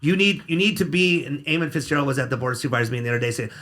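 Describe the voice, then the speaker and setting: Blunt, bright-voiced male defense attorney. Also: medium pitch, racing. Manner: blunt, sarcastic, curses freely. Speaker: criminal defense attorney, podcast guest. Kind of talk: casual podcast interview.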